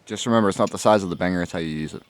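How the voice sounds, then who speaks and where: A man co-hosting a casual podcast with a low-key, dry delivery, reading out a product description. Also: racing. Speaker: podcast co-host.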